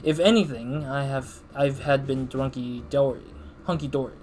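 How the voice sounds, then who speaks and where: A man's voice: on the high side, moderate pace, slight background noise, close to an everyday voice. A man voicing a blustering male CEO in a put-on country accent, sounding indignant and defensive.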